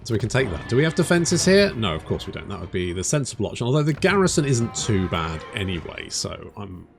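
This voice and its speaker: A man's voice: lowish voice, sing-song, quick pace, vocal fry. A man in his thirties giving let's play commentary, chatty, swearing and muttering to himself. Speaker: gaming channel host. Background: game music.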